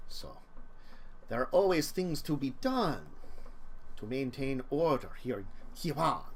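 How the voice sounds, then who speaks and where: A game master voicing an aging crime boss with an attempted Spanish accent, courtly and deliberate. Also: male voice, mid-range voice, big pitch swings, slight background noise. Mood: scheming. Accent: attempted Spanish accent, admittedly poor. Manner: courtly, slow and deliberate, with drawn-out pauses. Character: aging male crime boss, smooth and scheming.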